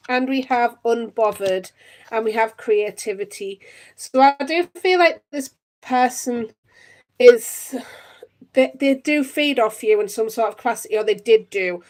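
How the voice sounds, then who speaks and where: A woman's voice: fairly high pitch, takes it slowly, pauses often, darkish tone. A woman in her thirties from Northeast England with a Northeast English accent, reading tarot on a live stream and chatting to viewers with lots of giggles. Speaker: tarot reader.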